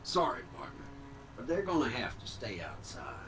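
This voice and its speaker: A man's voice: medium pitch, wildly swooping pitch, moderate pace, fairly bright tone. A man voicing a folksy male cowboy robot doorman with a friendly drawl. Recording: game audio under noisy gameplay.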